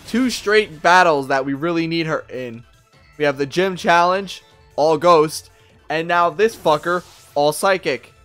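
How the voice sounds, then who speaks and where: A man giving casual gameplay commentary, excitable and profane, talking back at the characters on screen. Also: fairly high pitch, a little slow, clean tone, faint music behind. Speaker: let's play gamer.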